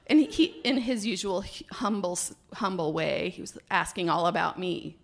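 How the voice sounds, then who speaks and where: A woman biologist telling a personal story live on stage, animated and laughing, with hesitations and fillers. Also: mid-range voice, normal speed, gravelly, few pauses.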